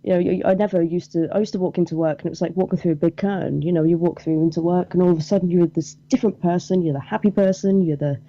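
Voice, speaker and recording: A woman's voice: lowish voice, steady tone, quick pace, hardly any pauses, mellow, lo-fi sound. A young woman guest on a podcast, chatting casually about past work and laughing easily. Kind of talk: casual chat.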